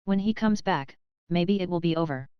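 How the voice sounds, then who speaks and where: A woman's voice: on the low side, normal speed, smooth, no echo, muffled recording, lightly acted. Woman reading a kindly old lame woman. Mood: urging.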